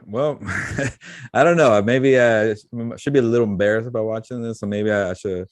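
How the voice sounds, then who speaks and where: Low-voiced guy co-hosting, joking around, tosses in spanish words, dry mic. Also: moderate pace, no room sound. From Latino American. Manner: playful, mixes in Spanish words. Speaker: podcast co-host. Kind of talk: casual chat.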